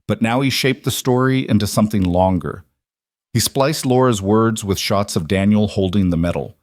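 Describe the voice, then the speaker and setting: A man reads a story in a low, steady voice, pacing each sentence with measured drama. The sound is dry and close, with no room around it. He narrates with the even control of a scripted storyteller. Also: no echo.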